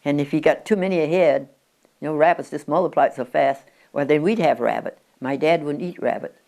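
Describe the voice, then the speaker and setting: Speaking a little fast in a low, gravelly and slightly mellow voice, this Oregon woman in her nineties chats about old memories during an interview at her country home. She rambles and frequently starts over mid-thought.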